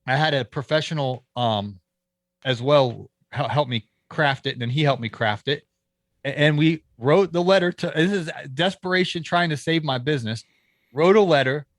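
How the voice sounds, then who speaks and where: A man with a fairly high voice tells a casual story from his landscaping business as a podcast guest. He is animated, slips into the voices of people he quotes, and restarts his sentences often. The sound is dry and close. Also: normal speed, no room sound. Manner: animated storyteller who acts out quoted dialogue; frequent restarts and fillers.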